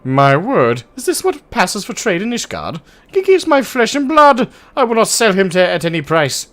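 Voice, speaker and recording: Brief: pompous gentleman hero, done by a male streamer, declaiming, theatrical, with big swings in pitch. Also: wildly swooping pitch, normal speed, heavily acted. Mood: indignant. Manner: grandiloquent, declaiming, flowery old-fashioned phrasing. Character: pompous grandiose gentleman adventurer, theatrical and self-assured.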